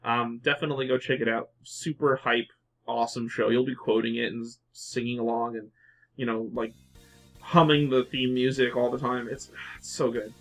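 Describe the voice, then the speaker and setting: A man co-hosting a casual podcast chat, rambling excitedly with lots of fillers and acting out quotes in voices. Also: medium pitch, moderate pace, soft background music. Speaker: podcast co-host.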